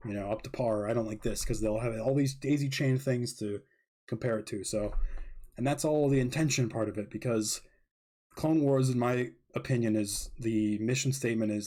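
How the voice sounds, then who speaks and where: Male podcast host, young adult, mellow mid-pitched voice; casual, rambling and blunt. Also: normal speed. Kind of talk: casual opinionated monologue.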